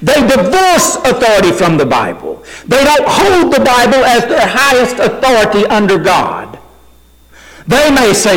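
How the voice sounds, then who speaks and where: High, lively preacher in echoing hall. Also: male voice, unhurried. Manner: earnest, emphatic Bible exposition. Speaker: pastor. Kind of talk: sermon. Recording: long hall reverb.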